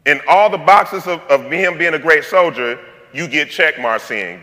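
A man's voice: a little high, lively intonation, moderate pace, bright, forceful tone, big-room sound. A male pastor preaching a sermon in a playful, conversational way, with slang and joking asides.

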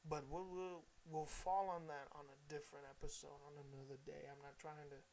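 A man's voice: a little high, little pitch movement, moderate pace, darkish tone. A man hosting his own solo podcast from his laptop and microphone, talking candidly and profanely and calling his listeners guys. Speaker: podcast host. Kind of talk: casual solo podcast monologue. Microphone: laptop with a bought microphone.

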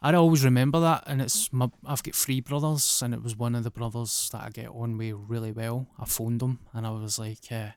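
A man's voice: medium pitch, fairly even intonation, fairly quick, few pauses, darkish tone, smooth, no echo. A Scottish man, a guest comedian, telling blunt, plain-spoken stories in casual chat. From Scotland.

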